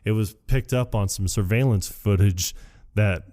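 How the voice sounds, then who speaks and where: A man's voice: lowish voice, normal speed, warm tone. A man co-hosting a podcast, casually retelling a film scene by scene and acting out the lines in shifting voices, laughing often. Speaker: podcast co-host. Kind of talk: casual chat recapping a film.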